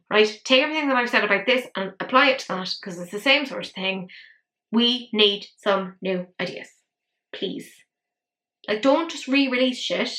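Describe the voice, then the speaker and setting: A woman talks through makeup releases in a bright, sharp voice, ranting and swearing with self-mocking exasperation. Her voice rings in a roomy, echoey space. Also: mid-range voice. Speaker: makeup commentary host. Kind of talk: casual ranting commentary. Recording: echoey room.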